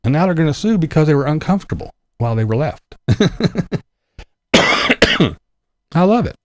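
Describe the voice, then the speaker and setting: Sarcastic man on a lively rant. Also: fairly high pitch, moderate pace, slight background noise. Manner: sarcastic and profane; mocking mimicry of others. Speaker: vlogger. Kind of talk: angry political rant.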